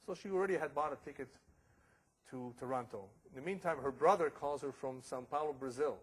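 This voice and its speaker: A man's voice: mid-range voice, a little fast, breathy edge, poor audio. A man giving a religious lecture as a rabbi, telling stories and sprinkling in Hebrew and Yiddish terms.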